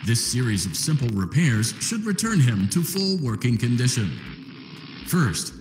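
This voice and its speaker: A man voicing a calm male repair instructor in a video game, giving measured, formal instructions. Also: medium pitch, background noise. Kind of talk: scripted game tutorial narration. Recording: roomy game audio with music.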